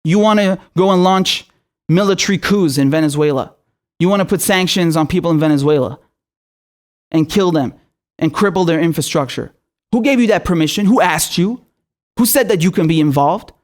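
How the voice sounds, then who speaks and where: A man's voice: fairly high pitch, moderate pace. Furious profane man ranting politics. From Syria. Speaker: political commentator. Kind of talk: angry political rant.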